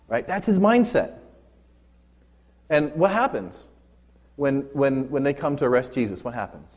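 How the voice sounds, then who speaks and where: Chatty husky-voiced male preacher. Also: mid-range voice, expressive, a little slow, long pauses, a little mellow, faint music behind. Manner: casual, chatty, keeps asking "right?". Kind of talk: conversational sermon storytelling.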